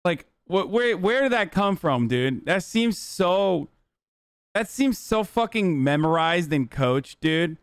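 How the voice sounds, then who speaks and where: A man's voice: high-pitched, expressive, slow pace, clean tone, no room sound. A man streaming, giving blunt casual reaction commentary and swearing often.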